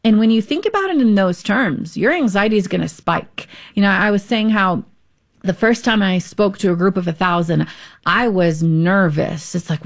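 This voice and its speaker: A woman's voice: medium pitch, moderate pace. A woman counselor talks as a guest on an interview show, with a mid-range voice. She explains ideas in an earnest, teacherly way and acts out her examples. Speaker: counselor and author.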